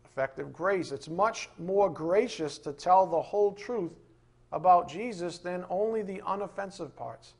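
A man's voice: high voice, unhurried. A man preaching a sermon in an emphatic style, firing off rhetorical questions.

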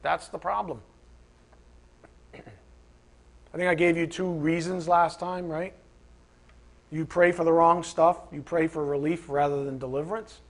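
A man's voice: on the high side, little pitch movement, measured pace, pauses often. A man preaching a sermon in a conversational, emphatic way, acting out imagined voices of his listeners.

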